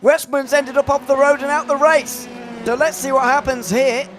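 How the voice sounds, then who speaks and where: A man commentating an online sim race, chatty and self-deprecating, with quick asides. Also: extremely high pitch, steady tone, a bit bright, slight background noise.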